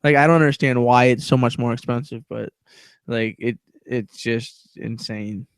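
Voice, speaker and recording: Male podcast co-host, blunt and profane, rambling fillers, mid pitch, dry mic. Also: normal speed, clear, resonant tone, no room sound. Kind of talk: casual storytelling chat.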